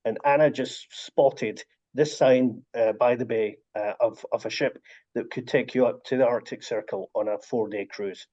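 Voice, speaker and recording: A man's voice: medium pitch, fairly even intonation, normal speed. A man telling stories in a casual video call chat, with many restarts. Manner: warm storytelling, frequent restarts. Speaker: author and story collector. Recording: dull lo-fi video call audio.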